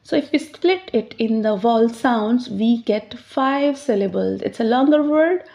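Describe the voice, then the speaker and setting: A woman teaching English pronunciation, explaining step by step and slowly sounding out each word. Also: fairly high pitch, warm tone. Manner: slows down to sound out words clearly. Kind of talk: slow, deliberate teaching explanation. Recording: slightly dull, lo-fi sound.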